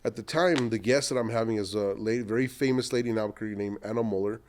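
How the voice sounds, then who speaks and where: A middle-aged man, an entrepreneur, telling long animated anecdotes in a podcast interview and acting out what other people said. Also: fairly low pitch, fast talker. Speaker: entrepreneur guest.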